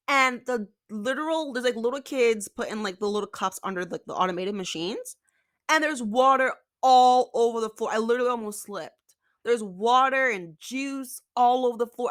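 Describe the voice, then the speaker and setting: Bright-voiced chatty young woman. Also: fairly high pitch. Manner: chatty, exasperated, lots of "like". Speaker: vlogger. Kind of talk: casual storytime vlog.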